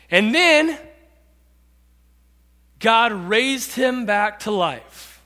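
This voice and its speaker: A man preaching a sermon as pastor, dramatic, acting out quotes and rising to shouts. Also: very high-pitched, lively intonation, takes it slowly, long pauses. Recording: long reverb of a large hall.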